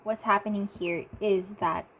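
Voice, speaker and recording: A woman giving a casual tarot reading, talking in halting bursts with lots of fillers and giddy laughter. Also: mid-range voice, steady tone. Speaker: tarot reader.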